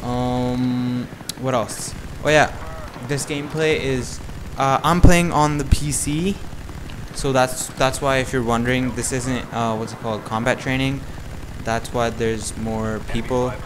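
A male gaming host ranting over his own gameplay, rambling and indignant, with lots of "like". He talks slowly at a middle pitch, with a faint hiss of noise behind him. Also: fairly even intonation.

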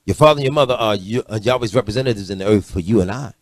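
A middle-aged man preaching a sermon, swinging from loud emphatic lines to low muttered asides. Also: racing, dry recording. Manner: preachy, rising to shouts and dropping to low asides.

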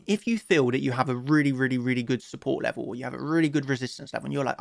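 A man's voice: medium pitch, racing, gravelly, hardly any pauses, dry recording, studio quality. A man hosting a casual trading analysis talk, chatty and upbeat, with many "you know" fillers. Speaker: crypto trading analyst host.

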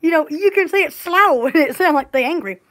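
A woman's voice: extremely high pitch, expressive, a little fast, a bit bright. A woman chatting casually on a live store video, giggly and silly, drawing out words playfully. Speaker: store vlogger.

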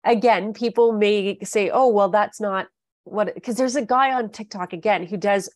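A woman's voice: mid-range voice, moderate pace, no echo, studio quality. Chatty Canadian woman interviewer. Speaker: interviewer host. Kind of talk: casual interview chat.

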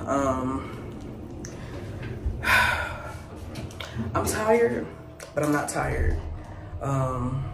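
A young woman, a college student, vlogging on her phone with a blunt, profane, exasperated rant. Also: fairly low pitch. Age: young adult. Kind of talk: casual vlog rant. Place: around campus, partly outdoors. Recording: noisy with passing traffic.

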